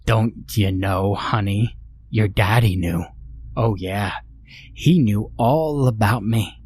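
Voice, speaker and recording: Cast: a man doing a spiteful old aunt-monster, low and slow, storybook horror. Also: a little mellow. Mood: menacing taunt. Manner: cold, menacing, drawn-out taunting. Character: hateful old aunt turning monstrous, female.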